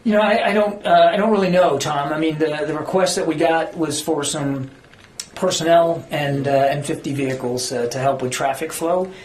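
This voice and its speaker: A male government spokesman fields reporters' questions in a briefing room, his voice sitting a little high. He sounds earnest and emphatic and sometimes stops to hunt for the right word. The room gives his voice a noticeable echo, with a faint hum behind it. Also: steady tone, normal speed. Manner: earnest, emphatic, searching for words. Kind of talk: press briefing answers.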